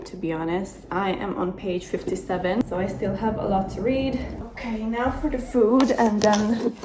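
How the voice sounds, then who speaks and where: A young woman talks casually to her camera as a vlogger, rambling along with plenty of fillers. Her voice sits at an ordinary pitch and rings around a roomy, echoey space. A faint background noise stays underneath. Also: a little mellow. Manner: chatty, rambling, filler-heavy.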